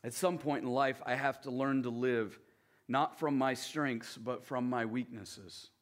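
A man preaching a sermon in a conversational way, often turning to the listeners with quick asides. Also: mid-range voice, steady tone. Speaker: pastor.

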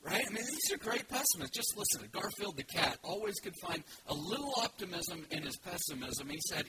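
A male pastor delivers a sermon in a loose, conversational way, often restarting his sentences and dropping in asides. His voice sits a little higher than most men's. Loud background noise runs under the recording. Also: expressive, fairly quick, hardly any pauses.

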